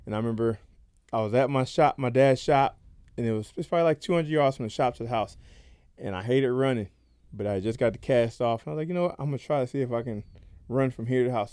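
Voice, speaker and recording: Fast-talking man telling candid stories. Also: mid-range voice, mellow, clean tone, no room sound. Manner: candid, rapid, conversational storytelling. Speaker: guest, professional fighter. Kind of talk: casual podcast storytelling.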